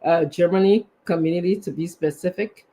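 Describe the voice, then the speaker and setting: A man's voice: sits high, fairly quick, mellow. A man, co-hosting a live show and reading out viewers' names, sometimes stumbling over them. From Liberia. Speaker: co-host.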